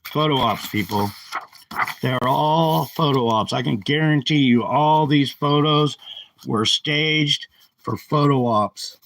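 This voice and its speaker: A man's voice: mid-range voice, slow, a bit bright, a little hiss or hum, low-quality recording. Agitated man ranting into his phone. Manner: agitated, ranting, repeats himself. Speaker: live streamer. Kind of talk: angry livestream rant. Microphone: handheld phone.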